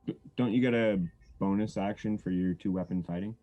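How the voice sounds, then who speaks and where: A man's voice: fairly low pitch, brisk, mellow, lo-fi sound. A man playing a tabletop role-playing game, chatting casually and a little hesitantly while he checks his dice and rules. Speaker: player.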